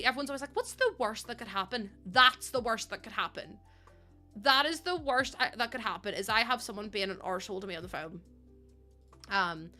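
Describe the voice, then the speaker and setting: A woman's voice: mid-range voice, bright, forceful tone. A young woman, chatting casually to viewers while live-streaming a building game, laughing often. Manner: chatty, laughs often, acts out quoted voices.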